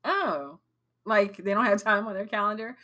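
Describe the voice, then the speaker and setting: A woman sales coach on a live coaching call, blunt and animated, swearing and mimicking her clients. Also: mid-range voice, normal speed.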